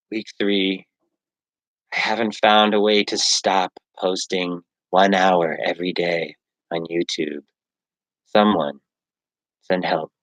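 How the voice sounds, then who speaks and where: A man's voice: low voice, fairly bright tone, no echo. A man rambling casually on a livestream as he works, self-mocking and full of fillers. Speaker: livestreaming artist.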